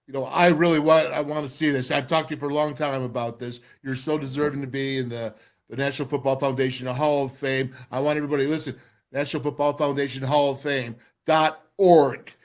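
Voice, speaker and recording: A male sports radio host with a medium-pitched voice interviews a guest. He is casual and chatty, and he pumps up his sign-offs with enthusiasm. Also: flat delivery, fairly quick.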